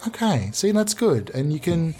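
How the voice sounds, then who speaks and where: A man improvising a comedy sketch, talking in a blustering, sweary, mock-calm way. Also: fairly high pitch, normal speed. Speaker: comedy podcast host.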